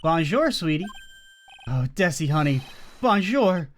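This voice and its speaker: A man's voice: on the high side, big pitch swings, brisk, faint music behind. A man doing a sugary, doting girlfriend.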